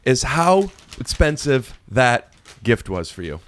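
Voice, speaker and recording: A man's voice: mid-range voice, sing-song, takes it slowly, a bit bright, slight background noise. A young man from Ohio hosting a podcast, playful and teasing, joking with his guest. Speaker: podcast host. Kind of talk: casual podcast conversation. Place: podcast studio.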